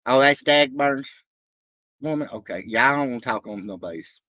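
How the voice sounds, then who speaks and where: A man live-streaming from a truck stop, rambling excitedly and cursing loosely while shouting out his viewers. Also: mid-range voice, moderate pace, no echo, lo-fi sound. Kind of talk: casual rambling livestream chat.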